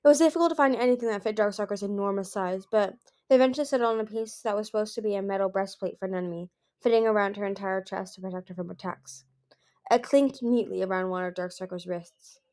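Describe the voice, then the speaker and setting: A woman's voice: mid-range voice, fast, darkish tone. A woman reading a fantasy novel aloud, with occasional slips and self-corrections. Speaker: reader. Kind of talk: audiobook reading.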